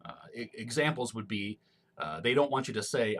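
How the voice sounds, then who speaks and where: A man from Missouri, a former radio announcer, talking casually through an accent tag in measured, clear announcer diction with a broadcast accent. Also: mid-range voice, a bit bright. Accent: General American broadcast, Missouri roots. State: allergies, throat clearing.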